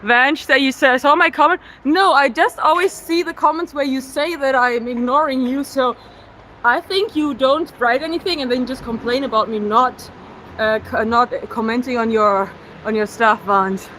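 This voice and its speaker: Bright high-voiced German woman streaming outdoors. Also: moderate pace, low-quality recording. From Berlin, Germany. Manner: chatty, greets viewers, many "like" fillers. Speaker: livestreamer. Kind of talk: casual live-stream chat while walking. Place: outdoors on city streets. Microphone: phone on a selfie stick. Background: faint street and traffic noise.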